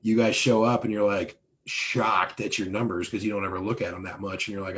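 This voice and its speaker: A fairly low-voiced man speaks to an online group as a coach. He is casual and emphatic, often restarts his sentences and fills pauses with "you know" and "like". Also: fairly even intonation, a bit bright. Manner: conversational, emphatic, many fillers and restarts. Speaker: business coach. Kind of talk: live online coaching talk.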